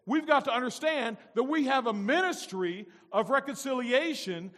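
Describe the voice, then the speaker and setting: A man preaching a sermon as pastor, moving between loud emphatic lines and soft, low-spoken asides. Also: animated, moderate pace, big-room sound.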